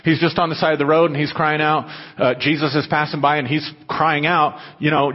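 In a muffled, dull recording full of lingering hall reverb, a pastor gives a sermon to his congregation. His voice sits on the high side, steady in tone and fairly quick, and his chatty delivery keeps erupting into raised, emphatic moments.

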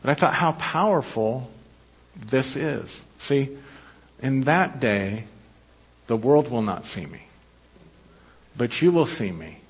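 A man preaching a sermon as pastor, telling a personal story in a conversational way with quick asides. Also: mid-range voice, slightly rough. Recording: dull lo-fi sermon recording.

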